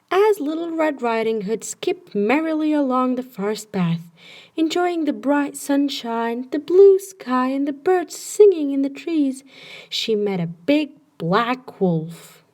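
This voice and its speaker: A woman tells a fairy tale for children in expressive bedtime narration. Her voice sits high and moves freely up and down. She keeps the pace slow and unhurried. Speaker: storyteller.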